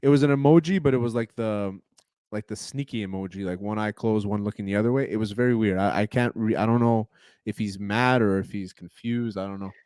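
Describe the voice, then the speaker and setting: A man's voice: fairly low pitch, fairly quick, darkish tone, clean tone, no echo. A man co-hosting a casual sports podcast, blunt and cursing, tripping over his own words. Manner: blunt, stumbles and restarts, swears. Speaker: podcast co-host.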